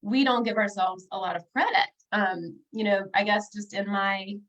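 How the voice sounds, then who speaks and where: A woman in her thirties chats to her viewers in a relaxed, upbeat way, filling her pauses with frequent "um"s. Her voice sits at a middle pitch. The livestream audio comes through a computer mic and sounds a little dull and lo-fi. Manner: chatty and upbeat, with frequent fillers, speaking directly to viewers. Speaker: bookkeeper and business coach. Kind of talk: casual livestream talk.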